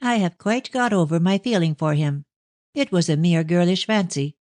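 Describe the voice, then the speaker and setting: A man's voice: high voice, moderate pace, a little mellow, no room sound, pitched above the performer's own voice, natural voice. Young victorian daughter done by a man, earnest, pleading, defiant, audiobook, dry sound. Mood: hesitant. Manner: pleading, raised and earnest delivery. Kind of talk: audiobook reading of a novel.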